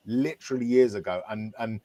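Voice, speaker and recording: A man's voice: lowish voice, brisk, mellow. A man on a football podcast panel, explaining things at length in casual chat.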